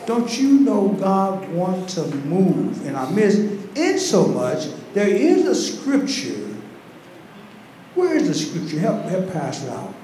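Male pastor, high voice, fervent sermon delivery, echoey church hall recording. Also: very animated, slow, warm tone. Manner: preaching with rising fervor and repetition. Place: large echoing church hall. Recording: very echoey church hall, faint background noise.

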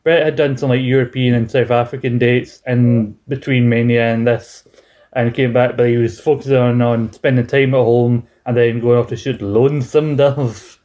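Bloke rambling on a wrestling podcast, laughs a lot, swears, been drinking. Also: male voice, medium pitch, steady tone, normal speed, mellow. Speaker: podcast co-host. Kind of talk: casual wrestling podcast chat.

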